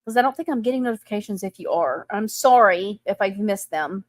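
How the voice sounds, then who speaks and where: A woman's voice: medium pitch, lively intonation, a little fast, no echo. A middle-aged woman with a Texan accent hosting a casual live chat, chatty and laughing often as she greets viewers. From Texas. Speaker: livestream host.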